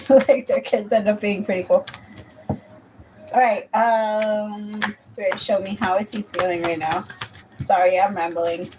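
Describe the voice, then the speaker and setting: A woman's voice: mid-range voice, steady tone, slow pace, pauses often, noisy background. A woman giving a casual, rambling tarot reading, chatting freely and calling the listener "my love". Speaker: tarot reader.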